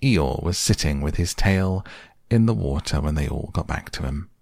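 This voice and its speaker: A man narrating a children's classic as a soft, slow, soothing bedtime storybook reading. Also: a bass voice, animated, creaky, no echo, clean studio sound. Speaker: audiobook narrator.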